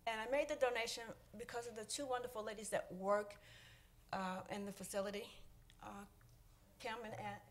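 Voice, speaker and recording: A woman speaking at public comment during a council meeting, halting and emotional, with many fillers. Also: mid-range voice, steady tone.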